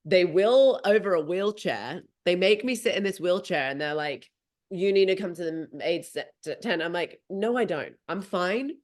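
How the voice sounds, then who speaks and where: A woman in her thirties hosting a podcast, telling a story in a lively, casual way and swearing freely. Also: on the low side, moderate pace. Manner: animated, swearing freely, acting out her own thoughts. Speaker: podcast host.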